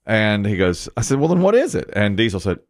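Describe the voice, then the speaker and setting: A man's voice: on the low side, sing-song, fairly quick, dry recording, clean studio sound. A middle-aged man hosting a radio morning show, telling a casual story and acting out each line of quoted dialogue.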